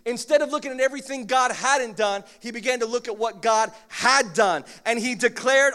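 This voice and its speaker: High-voiced male preacher, dramatic and funny. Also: normal speed, few pauses, smooth. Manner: dramatic, swings from quiet asides to shouted acted-out prayers; humorous, playful asides. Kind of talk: sermon.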